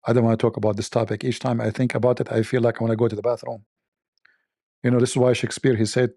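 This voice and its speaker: A man speaks in a gravelly, dark voice. He hosts a mocking commentary, sarcastic and given to repeating himself. The sound is close and dry. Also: medium pitch, steady tone, fast, dry recording. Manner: sarcastic, laughs at own jokes, repeats phrases. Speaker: show host. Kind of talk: mocking religious debate commentary.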